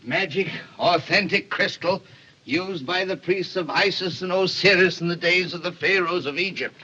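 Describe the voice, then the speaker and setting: An actor playing a grandiose older male fortune-teller, speaking in slow, theatrical, coaxing showman patter in a 1939 film. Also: sits high, bright, forceful tone, a little hiss or hum. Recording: muffled old film soundtrack with music.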